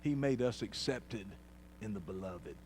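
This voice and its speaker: A man preaching a sermon, swinging from quiet, low passages to loud, shouted peaks. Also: animated, a little slow, a little hiss or hum. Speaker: pastor.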